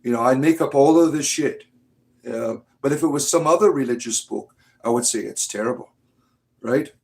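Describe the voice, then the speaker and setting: Brief: man with a gravelly, mid-pitched voice, chatty stream host, blunt and joking. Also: normal speed, darkish tone. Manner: rambling, blunt and jokey, coos at his pets. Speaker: spiritual comedy streamer. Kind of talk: casual livestream chat.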